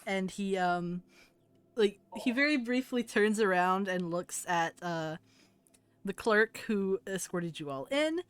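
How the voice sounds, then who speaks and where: A woman narrating a tabletop game as game master, descriptive and relaxed. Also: medium pitch, clean tone, no room sound.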